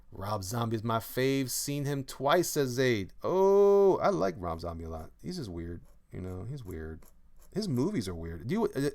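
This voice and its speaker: A man's voice: lowish voice, gravelly. A man, a comic artist, chatting casually on a live stream while drawing, reading viewer comments aloud and breaking into hummed song snippets. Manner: playful, reads chat aloud, hums and sings snippets.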